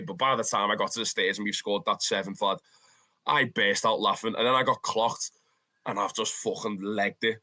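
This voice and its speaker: A young man with a Liverpool accent, a podcast guest telling football stories casually, swearing and laughing as he goes. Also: fairly low pitch. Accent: Liverpool (Scouse). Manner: animated, swears freely, says "lad" often, bursts into laughter. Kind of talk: casual storytelling.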